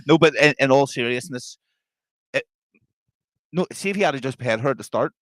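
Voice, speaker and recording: A man's voice: medium pitch, expressive, moderate pace, fairly bright tone, no echo. A man co-hosting a podcast, chatting casually with blunt, sweary, jokey banter. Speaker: podcast co-host. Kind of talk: casual chat.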